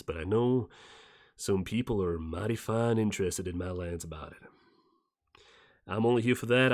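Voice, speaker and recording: A man's voice: on the low side, close to an everyday voice. A man doing a menacing empire leader, fake American. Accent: fake American accent. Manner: repetitive, threatening, declamatory. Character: menacing male empire leader issuing ultimatum. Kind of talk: tabletop role-play voicing.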